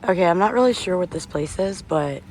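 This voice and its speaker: A woman's voice: on the low side, animated, a little fast, a little mellow. A woman vlogging casually to camera, chatting with enthusiasm about food and places while out and about. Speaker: travel vlogger. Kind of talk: casual vlog narration to camera. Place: outdoors and in cafes, on the move. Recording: background noise from street and traffic.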